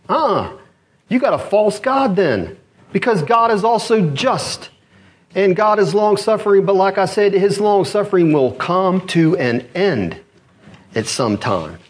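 Husky preacher guy in a church, voice goes way up then drops low, acting out the people in his story. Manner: rising and dropping pitch, animated storytelling with quoted voices. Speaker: pastor. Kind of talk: sermon.

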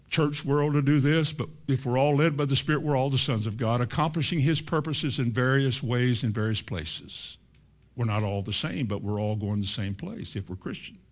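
A man preaching a sermon, swinging from loud, quick rhetorical questions to slow, quiet passages, and reading scripture slowly. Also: medium pitch. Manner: reads scripture slowly and deliberately.

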